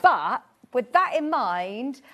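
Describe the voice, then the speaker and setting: A woman's voice: high voice, very animated, slow, a bit bright. A British woman presenting a live TV sewing sales show with enthusiastic selling patter. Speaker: shopping channel presenter.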